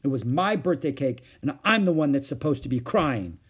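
An upset young girl cries out in a raised, pleading voice, as a man reading a storybook puts her on. Her lively tone swings widely, with a slightly husky edge. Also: a little high, normal speed, voice pushed up, exaggerated voice. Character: young girl, worried and indignant older sister.

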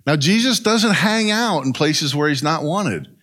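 A man preaching a sermon, retelling a story in an animated way and often asking "right?". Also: on the high side, measured pace. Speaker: pastor.

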